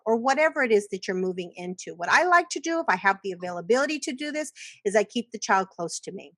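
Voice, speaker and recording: A middle-aged woman educator giving a workshop talk on children's emotions, animated and acting out little voices with laughs. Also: fairly high pitch, fairly quick, no room sound.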